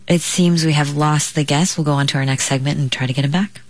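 A radio news host introducing a guest and asking questions calmly. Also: mid-range voice, quick pace. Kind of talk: live interview.

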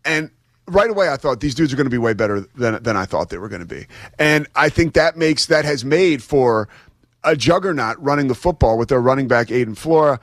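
An enthusiastic man talking college football as a guest commentator, chatty and quick to laugh. His pitch is mid-range for a man, and the sound is dry and close. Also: lively intonation, no echo. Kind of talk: casual sports talk.

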